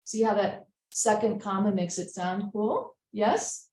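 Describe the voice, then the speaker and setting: A woman's voice: medium pitch, a little slow, few pauses, darkish tone, roomy sound, low-quality recording. A woman teaching a writing class, patiently reading sentences aloud again and again to check the commas. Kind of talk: editing a student essay aloud in class.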